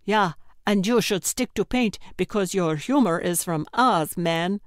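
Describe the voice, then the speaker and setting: A woman's voice: medium pitch, unhurried, dry recording, clean studio sound, lightly acted. A woman voicing an old male art model with a laid-back, teasing manner, in a storybook reading.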